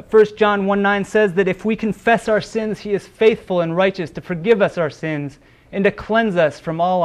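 A man preaching a sermon as a pastor, earnest, with repeated words and small restarts. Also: high-pitched.

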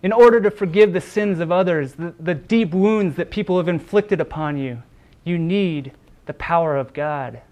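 A man's voice: fairly high pitch, moderate pace, a little mellow. A man preaching a sermon as a pastor, earnest, with repeated words and small restarts.

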